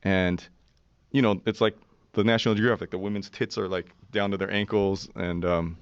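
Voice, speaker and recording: Animated, low-voiced man in his forties. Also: moderate pace, clean tone, no echo, highs cut off. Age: 40s. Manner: animated, profane storyteller who acts out quotes. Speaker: podcast guest. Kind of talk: casual storytelling.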